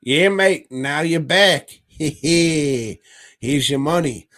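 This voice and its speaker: A man's voice: on the high side, animated, drawn-out words, a bit bright, dry recording, clean studio sound, pitched above the performer's own voice, full character voice. A man putting on a jokey cockney voice for a scheming mad doctor while retelling a horror episode. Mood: cocky. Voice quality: mock cockney accent, chummy and pushy.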